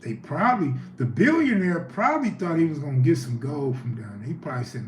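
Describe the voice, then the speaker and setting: La guy with a slightly high voice, rambling on his livestream, roomy echo. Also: big pitch swings, fairly quick, few pauses, darkish tone. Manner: loose and conversational, reacting to chat. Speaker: livestream host. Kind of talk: casual livestream chat. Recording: echoey room with faint background noise.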